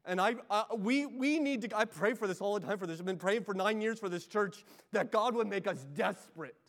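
Impassioned high-voiced male preacher. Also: fairly quick. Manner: impassioned, swings from loud pleading to hushed intimacy. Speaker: pastor. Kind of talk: sermon.

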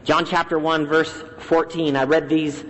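A man preaching a sermon as pastor in a church, talking in an animated way and acting out the voices he quotes. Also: on the high side, a little slow, highs cut off. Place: church sanctuary. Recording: long hall reverb.

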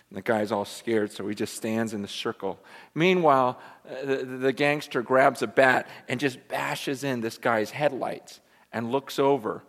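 A male pastor preaching a sermon in a church, self-deprecating and animated, often repeating words as he goes. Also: medium pitch, normal speed. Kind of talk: sermon with a joke. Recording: long church reverb.

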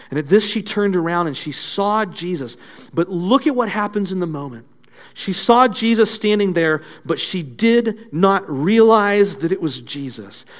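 A male pastor delivering a sermon, dramatic, dropping low and soft and then building up again. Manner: dramatic preaching with swings from soft to loud.

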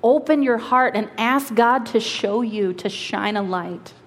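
A woman lead pastor preaching a sermon and reading scripture, earnest and slowing for emphasis, with quick asides. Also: fairly high pitch. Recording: long hall reverb.

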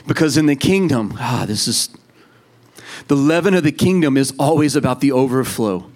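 A man's voice: mid-range voice, lively intonation, moderate pace, darkish tone. A man preaching a sermon to a congregation in a conversational way, acting out the voices of the people in the story. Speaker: pastor.

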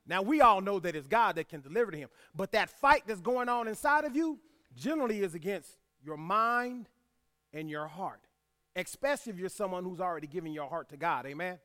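A man's voice: high-pitched, animated, fairly quick, pushed and bright. A man preaching a sermon, reading scripture aloud and repeating key lines for emphasis, with folksy asides to the congregation. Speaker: pastor.

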